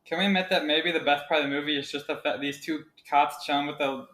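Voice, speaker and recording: A man's voice: fairly high pitch, steady tone, fast talker, pushed and bright. A man hosting a movie podcast, joking casually with short interjections. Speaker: podcast host. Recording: echoey room.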